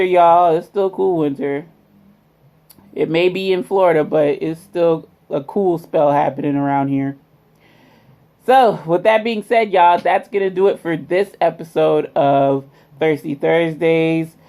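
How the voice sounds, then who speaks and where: A woman talks her viewers through a drink review at an unhurried pace. She rambles and loops back on herself with plenty of fillers, and she keeps calling her audience y'all. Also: low-pitched, dark tone. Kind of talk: casual product review chat.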